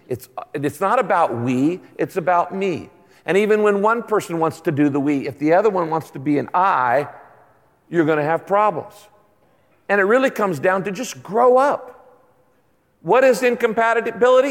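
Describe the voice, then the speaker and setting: A man in his sixties delivers a sermon in a relaxed, joking storyteller's manner. His voice sits a little high for a man. The sound carries the long reverb of a large church hall. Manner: conversational, humorous storytelling preacher. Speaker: pastor.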